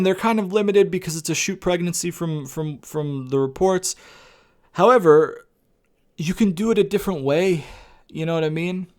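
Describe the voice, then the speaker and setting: A man's voice: on the high side, a little mellow, smooth. A young man giving a rambling, exasperated rant reviewing a wrestling show, swearing often and restarting his sentences.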